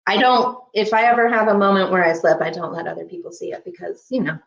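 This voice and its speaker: A woman's voice: mid-range voice, fast talker, vocal fry, muffled recording. Chatty woman hosting a baking stream. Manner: chatty, jokey, explains each step. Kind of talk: casual live-stream baking demo. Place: home kitchen. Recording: echoey kitchen room.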